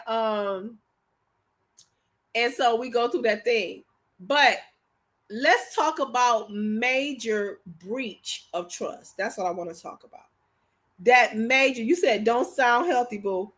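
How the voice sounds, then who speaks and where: A woman's voice: fairly high pitch, slow, pauses often, fairly bright tone. A middle-aged woman co-hosting a podcast, chatting casually and animatedly, with frequent restarts and "you know what I'm saying". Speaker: podcast co-host. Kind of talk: casual chat.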